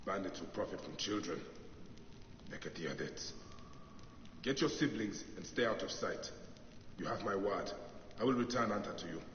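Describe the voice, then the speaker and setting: A stern warrior hero in a game. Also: male voice, on the low side, animated, normal speed, long pauses, a bit bright, highs cut off, slight background noise. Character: calm male warrior hero, stern and protective. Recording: game audio from speakers, echoey and far off.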